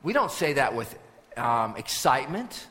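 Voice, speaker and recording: A man preaching a sermon as pastor, swinging between quiet, firm instruction and loud, forceful scripture reading. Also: medium pitch, big pitch swings, measured pace. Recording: long reverb of a large hall.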